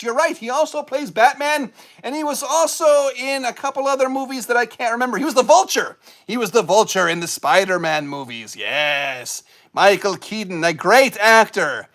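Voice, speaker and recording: A man voicing a goofy high-pitched skeleton host. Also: fairly bright tone, full character voice. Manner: rambling, jokey, self-mocking. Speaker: live-stream host. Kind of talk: live-stream chat with viewers.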